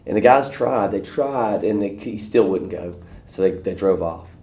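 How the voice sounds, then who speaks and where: Man, preacher, low mellow voice, folksy storytelling, echoey church room. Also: a little slow. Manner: folksy storytelling, acts out voices in a high excited tone. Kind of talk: recorded church teaching video.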